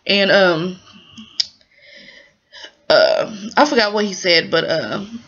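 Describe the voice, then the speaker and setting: A woman casually recapping a drama episode in a rambling, chatty way, full of fillers and lively exclamations. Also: on the low side, slow pace, highs cut off.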